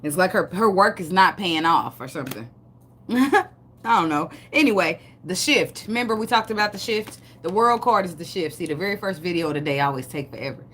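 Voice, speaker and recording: A woman's voice: on the low side, animated, brisk, slight background noise. A woman giving a casual tarot reading, cursing, joking and laughing between cards. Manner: loud, laughing, profane, joking asides. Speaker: tarot reader.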